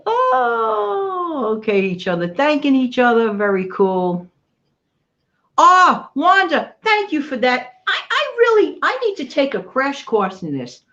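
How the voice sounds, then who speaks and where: A woman's voice: on the high side, fairly bright tone. A woman hosting her own live channel, reading a recipe and chatting with viewers, greeting them by name and often repeating herself. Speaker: channel host. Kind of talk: casual livestream chat and recipe reading. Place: home, New York area. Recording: dull lo-fi livestream audio.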